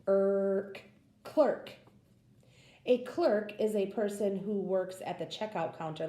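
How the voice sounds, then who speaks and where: Slow, patient woman teaching phonics. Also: fairly low pitch, warm tone, echoey room. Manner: slow, patient sounding-out of words. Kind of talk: phonics lesson for children.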